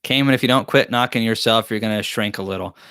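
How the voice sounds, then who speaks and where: Low-voiced joking man. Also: fast, bright, forceful tone, clean tone, no echo, clean studio sound. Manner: joking, rambling, self-deprecating. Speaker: beekeeping channel host. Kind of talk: live-stream Q&A, reading chat questions.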